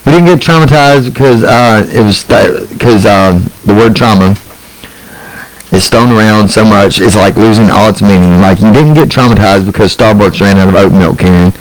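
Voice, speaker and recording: A man's voice: on the low side, moderate pace, rough recording. A middle-aged man hosting a solo online show, ranting bluntly and profanely, rambling with restarts and asides.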